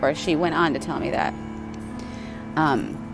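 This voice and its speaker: A woman's voice: low-pitched, fairly even intonation, unhurried, music in the background. A woman telling a personal spiritual story in a rambling, casual way, swearing often and asking "right?". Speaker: spiritual vlogger.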